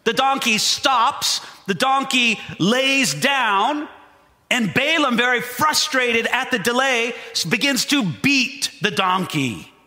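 A pastor preaching an emphatic, animated sermon in a high, bright voice that rises and falls widely. The voice rings through a long hall reverb. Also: male voice, takes it slowly.

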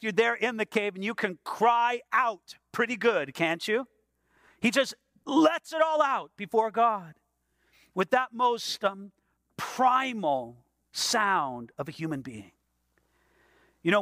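A man's voice: high-pitched, a bit bright, no room sound, clean studio sound. A man preaching a sermon in an earnest, conversational way, asking his listeners questions as he goes. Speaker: pastor.

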